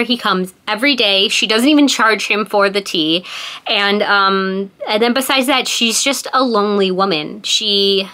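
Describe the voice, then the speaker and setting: A bright-voiced young woman talks casually to her viewers, chatty and enthusiastic. Her tone is crisp and forward, easygoing in a book vlog setting. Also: mid-range voice. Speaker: book vlogger.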